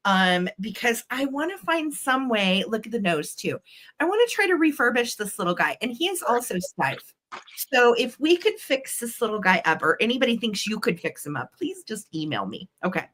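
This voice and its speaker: A woman hosts a live online vintage sale, showing items while chatting enthusiastically with plenty of ums. Her voice is on the high side, very animated, somewhat bright, and at a normal speed.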